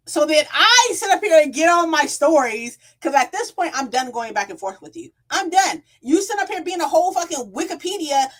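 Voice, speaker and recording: A woman book vlogger ranting in a casual storytime, reading out comments and answering them with sarcasm, heavy swearing and frequent laughter. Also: on the high side. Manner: heated, sarcastic, swears a lot, laughs often; reads out comments in a flat voice.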